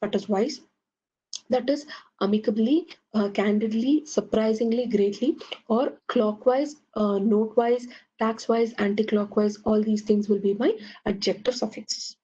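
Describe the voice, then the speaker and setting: A woman's voice: fairly high pitch, fairly even intonation, measured pace, mellow, slightly rough, highs cut off. A woman teacher giving an online exam-prep lecture, running through lists of examples and checking in with a frequent "okay".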